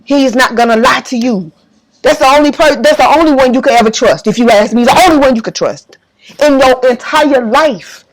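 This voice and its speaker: A woman's voice: high voice, fairly quick. A woman giving an impassioned religious monologue to camera, emphatic and repetitive, audibly emotional. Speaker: faith vlogger.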